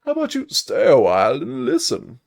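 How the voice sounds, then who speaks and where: A man's voice: sits high, huge pitch swings, fairly quick, gravelly, a little mellow, pitched above the performer's own voice, full character voice. A man voicing an outgoing, playful fellish woman bard who speaks in a theatrical sing-song manner. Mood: flirty.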